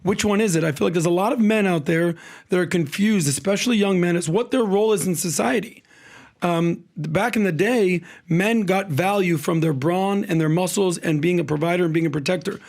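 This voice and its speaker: A man's voice: high-pitched, a little fast, vocal fry, darkish tone. A man co-hosting a casual panel discussion who makes blunt, list-driven points with sarcastic asides.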